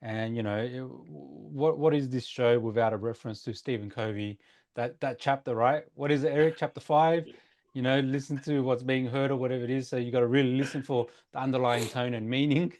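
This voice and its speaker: A man leads a casual podcast conversation at an ordinary, mid-range pitch. He sounds upbeat and keeps the talk moving, introducing new topics and passing questions to his co-hosts. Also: fairly even intonation, brisk, a little mellow. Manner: upbeat, steers topics and hands questions to guests. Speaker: podcast host.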